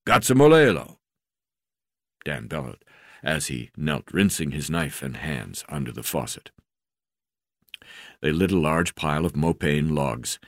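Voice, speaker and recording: Deep-voiced man reading his memoir. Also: unhurried, dry recording, clean studio sound. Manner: unpolished reading, frequent "uh" fillers and restarts. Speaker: narrator of his own memoir. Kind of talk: memoir narration read aloud.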